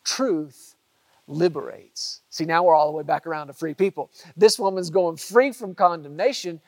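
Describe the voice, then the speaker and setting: High-voiced man preaching with dramatic emphasis. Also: dry recording. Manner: dynamic preaching, drawn-out emphatic words and sudden loud stresses. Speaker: pastor. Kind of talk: sermon.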